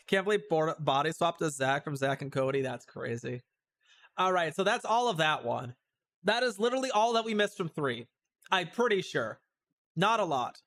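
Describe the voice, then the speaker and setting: Animated guy streamer chatting through a game, high voice jumping all over, quiet music behind. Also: moderate pace, pauses often. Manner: animated and chatty, with sudden outbursts. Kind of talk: casual let's-play commentary.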